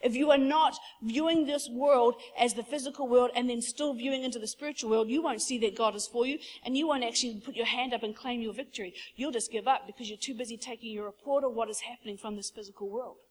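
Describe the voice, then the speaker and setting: Full of fervent conviction, a woman delivers a sermon in a slightly high voice, talking fast with few pauses. Her story comes out casual and conversational, like a chat with the congregation, and a little hiss or hum is audible.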